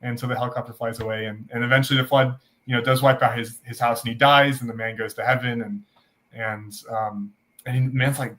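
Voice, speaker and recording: A man's voice: medium pitch, little pitch movement, fairly bright tone. Guy on a faith podcast, earnest, keeps restarting his sentences, casual chat. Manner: earnest, halting with many restarts. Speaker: podcast co-host.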